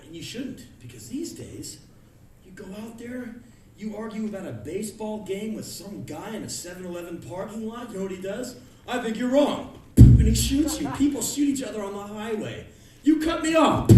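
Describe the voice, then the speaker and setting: A man in his early thirties giving a live spoken word monologue on stage, ranting in sudden shouted bursts of rage. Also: high voice. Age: early 30s. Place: music club on stage. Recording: echoey club from far off, crowd noise. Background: audience laughter.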